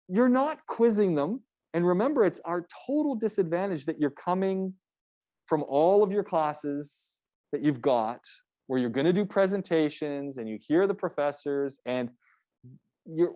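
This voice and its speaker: A man's voice: on the high side, mellow, no room sound. A man teaching a public speaking class, giving feedback in a loose, conversational way with frequent restarts. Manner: conversational, restarts often, coaching tone.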